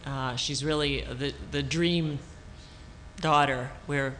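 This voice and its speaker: A woman author answering audience questions on a panel at a public talk, thoughtful and halting, with many restarts and fillers. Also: extremely low pitch, fairly even intonation, fairly bright tone, slight background noise. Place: auditorium stage.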